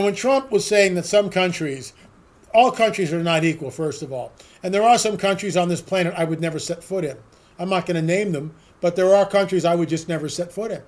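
Combative high-voiced man. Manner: combative, sarcastic, rambling with rhetorical questions. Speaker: talk radio host. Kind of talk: political monologue.

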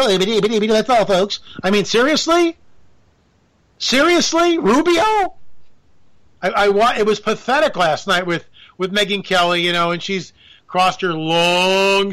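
A man holds forth in a sarcastic, rambling political monologue. His voice sits high and bright, with a sharp edge as he piles on asides and mock disbelief. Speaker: political commentator. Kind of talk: opinionated monologue.

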